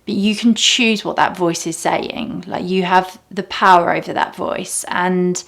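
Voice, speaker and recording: A young woman talking casually and reflectively about meditation, often dropping to soft near-whispers. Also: on the low side, steady tone, a little slow, creaky. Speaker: meditation teacher.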